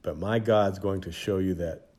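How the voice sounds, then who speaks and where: A man's voice: low voice, moderate pace, mellow, natural voice. A man voicing a brave young shepherd boy who speaks with earnest, defiant confidence in a children's Bible storybook. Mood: bold. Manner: earnest, bold, indignant. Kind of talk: storybook character voice.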